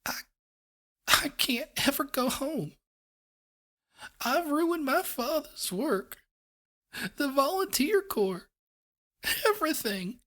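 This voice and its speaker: A man's voice: expressive, slow pace, long pauses, bright, forceful tone, heavily acted. A man doing a tearful young pegasus mare. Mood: distraught. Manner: shaky, sobbing, high and breathy. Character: young female pegasus pony, fragile and tearful.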